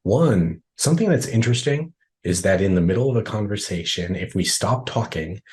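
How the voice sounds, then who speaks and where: A man's voice: fairly low pitch, animated, moderate pace, a little mellow. A man trainer answering questions in a live online workshop, explaining conversationally and often checking in with "right?" over a video call.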